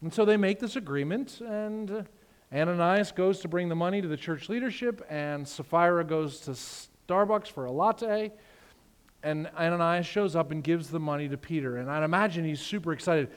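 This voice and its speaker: Male pastor, slightly high voice, lively storyteller, long hall reverb. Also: moderate pace, clean tone. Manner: animated storytelling, acts out characters. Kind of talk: sermon.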